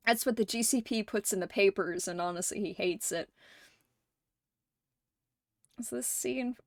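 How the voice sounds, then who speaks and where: A woman hosting a livestream, chatting casually with viewers, laughing often and swearing freely in animated reactions. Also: a little high, measured pace, long pauses, dry recording, clean studio sound. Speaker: livestream host.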